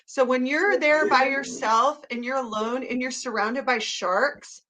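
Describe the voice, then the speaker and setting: Female guest, earnest storyteller, bright tone, slightly high pitch. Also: fairly even intonation, unhurried. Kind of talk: casual chat.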